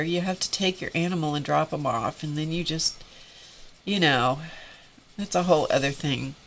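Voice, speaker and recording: A woman hosting a live drawing stream, teary and congested, talking in a halting, emotional way with sighs and pauses. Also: low-pitched, a bit bright. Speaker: host of an art live stream.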